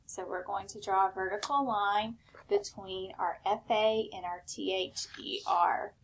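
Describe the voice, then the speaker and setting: A woman teacher giving a recorded spelling lesson, slow and patient, step by step. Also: medium pitch, a little hiss or hum.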